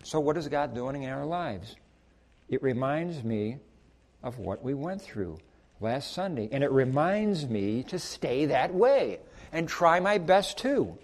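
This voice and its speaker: A man preaching a sermon in a church sanctuary, telling stories in an animated way and acting out both sides of short exchanges, then leading a prayer. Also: mid-range voice, slow.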